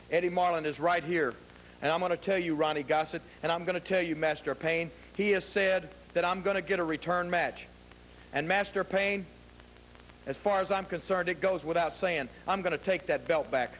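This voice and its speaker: A man's voice: a little high, a little hiss or hum, rough recording. Emphatic man cutting a promo. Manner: earnest, emphatic, repeating phrases for force. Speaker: pro wrestler. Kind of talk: wrestling promo. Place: TV studio.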